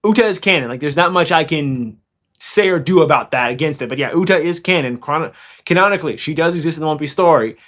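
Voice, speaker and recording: A fast, excitable young man rambles casually through his fan commentary, and his voice sits a little higher than most men's. He jumps from point to point with eager energy. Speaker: anime commentary channel host.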